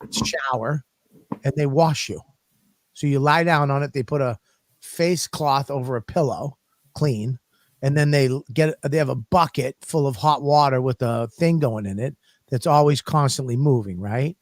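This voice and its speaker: A man co-hosting a podcast rambles through crude, profane stories in casual comedic chat. His mid-range voice moves at a normal speed, and the studio sound is clean with no echo.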